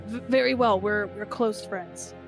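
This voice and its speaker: A woman's voice: medium pitch, unhurried, gravelly, music in the background. A woman player in a tabletop game, talking casually and a little hesitantly.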